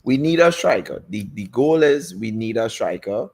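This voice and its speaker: A man co-hosting a football fan stream, talking casually in halting, rambling sentences. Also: lowish voice, animated, darkish tone, slightly rough. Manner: rambling, halting, with many fillers and restarts.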